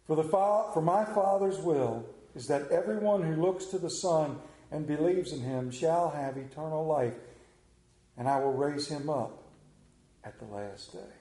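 A man's voice: fairly high pitch, a little slow, warm tone, reverberant, rough recording. A man, preaching a sermon and telling a story in a folksy, drawling manner. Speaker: pastor. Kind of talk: sermon with scripture reading and prayer.

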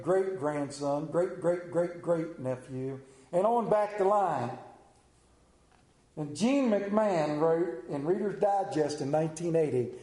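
A man's voice: high voice, dark tone. A man preaching a sermon and leading a prayer, earnest, with self-deprecating asides. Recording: roomy echo.

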